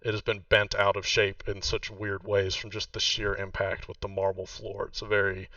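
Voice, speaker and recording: A man's voice: fairly low pitch, flat delivery, moderate pace, pushed and bright, no echo. A man narrating a tabletop game as game master, rambling with many fillers. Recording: distant muffled mic.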